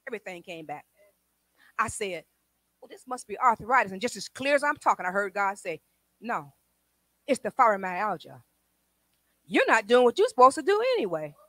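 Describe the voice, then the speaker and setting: A woman a sermon, testifying with swings from quiet talk to shouted praise. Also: medium pitch, very animated, normal speed, pauses often, no echo. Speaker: preacher.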